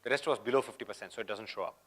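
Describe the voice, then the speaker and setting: A man's voice: fairly low pitch, very fast, fairly bright tone. A man presenting a live coding demo at a tech conference, chatty and always checking in with the audience. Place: conference hall.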